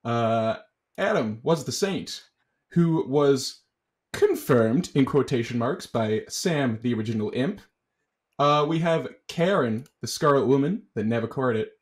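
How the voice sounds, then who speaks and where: A man running a social deduction game as storyteller, announcing results and recapping the roles with drawn-out words, chuckles and many fillers. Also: medium pitch, animated.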